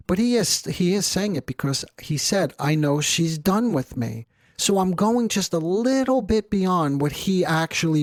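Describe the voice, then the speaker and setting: A middle-aged male therapist giving an educational talk in a measured, explanatory way with rhetorical asides. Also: fairly high pitch, darkish tone, no room sound. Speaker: therapist host.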